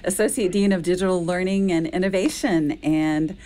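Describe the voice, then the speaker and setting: A woman guest joins a podcast as a university dean. She chats casually and warmly and often breaks into giggles. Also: fairly low pitch, moderate pace. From Central Texas. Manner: warm, giggly, appreciative. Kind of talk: casual chat.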